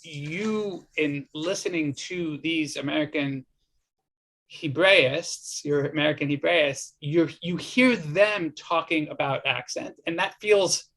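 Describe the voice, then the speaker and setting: Man, interviewer, academic conversation, hesitant, frequent restarts, slightly higher voice. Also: slow pace, fairly bright tone.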